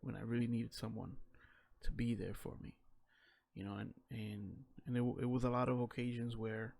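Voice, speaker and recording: Candid man, gravelly edge, mid-pitched, casual personal storytelling with loose fillers. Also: level tone, normal speed, a little mellow. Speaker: vlogger telling his own story.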